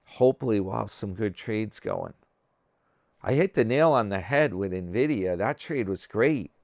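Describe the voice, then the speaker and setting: A man's voice: on the low side, lively intonation, unhurried, darkish tone, no echo, studio quality. A man hosting a vlog in casual chat, reading viewer comments aloud with a wry, chatty manner.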